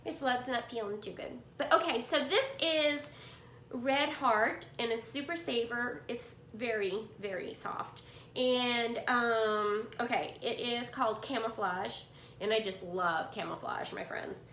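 Gushing woman, high voice. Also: measured pace, echoey room, slight background noise. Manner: gushing, excitable, talks to viewers as friends. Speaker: yarn swap vlogger. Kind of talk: casual unboxing chat. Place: cluttered room at home.

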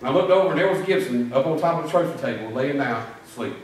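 A man's voice: medium pitch, animated, fast talker, slight background noise. A middle-aged man preaching a sermon, telling folksy stories and doing drill-sergeant impressions. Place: church sanctuary. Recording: echoey church from far off.

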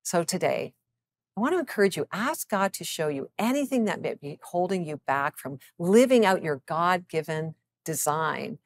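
A woman in her fifties, a psychologist and author, reading a scripted devotional. She speaks earnestly to the listener and slows down to give scripture passages deliberate weight. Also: lowish voice, animated. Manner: earnest, encouraging address to the listener.

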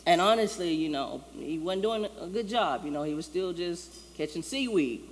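A woman's voice: lowish voice, lively intonation, normal speed, slight background noise. A woman pastor preaching a sermon in a loose, conversational way, acting out the lines she quotes. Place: church sanctuary. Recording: long church-hall reverb, faint ambience.

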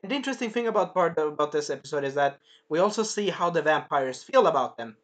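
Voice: medium pitch, animated, fast, a bit bright. A reviewer giving a casual spoken episode review, rambling and swearing, with many fillers and restarts. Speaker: show reviewer.

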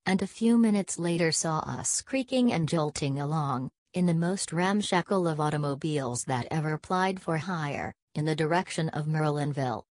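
A woman narrating an audiobook in a measured, steady reading voice. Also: sits low, no room sound. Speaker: audiobook reader. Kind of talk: scripted narration.

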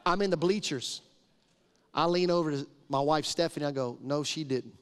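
A middle-aged male pastor with a slightly raised speaking pitch preaches a conversational, emphatic sermon, often slipping into short stories. His voice carries a long reverb tail from a large church sanctuary, picked up on a live preaching mic. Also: moderate pace, smooth.

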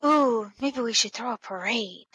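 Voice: mid-range voice, unhurried, pushed and bright, slightly rough, no echo, pitched above the performer's own voice, exaggerated voice, poor audio. A narrator voicing a sarcastic, taunting female wrestler in a live role-play. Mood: mocking. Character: sneering, mocking female wrestler.

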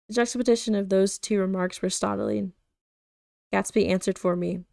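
A woman streamer reading a novel aloud in a steady, even delivery. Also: medium pitch, brisk, gravelly, dry recording, clean studio sound. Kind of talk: live-streamed book reading.

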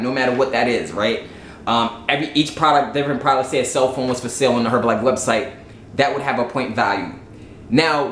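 A man's voice: mid-range voice, fairly bright tone, reverberant, slight background noise. A man with a Southern US accent giving a casual explainer monologue, blunt and salesy, checking in often with "right?". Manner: repeats "right?" and "you get what I'm saying", blunt and salesy. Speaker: YouTube host explaining a sales plan.

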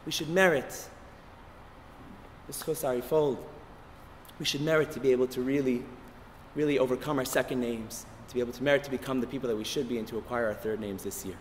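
A man giving an animated sermon as a rabbi, telling a story with emphatic repetition. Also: mid-range voice, fairly quick, long pauses, big-room sound, a little hiss or hum. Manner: animated, emphatic, repeats words as he builds. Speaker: rabbi giving a short lecture.

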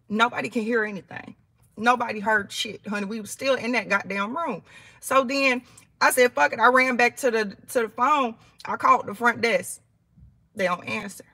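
A high, bright woman's voice, telling her story casually and heatedly, swearing as she goes. She acts out every quote with a lot of energy. The sound is dry and close, with no room echo. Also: moderate pace.

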